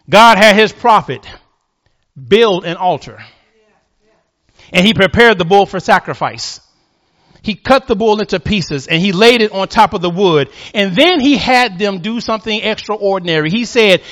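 A male pastor a sermon, moving between quiet storytelling and shouted, fervent calls. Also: extremely high pitch, normal speed.

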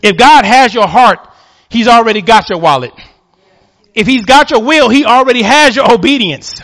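A male pastor a sermon, moving between quiet storytelling and shouted, fervent calls. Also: very high voice, expressive, moderate pace.

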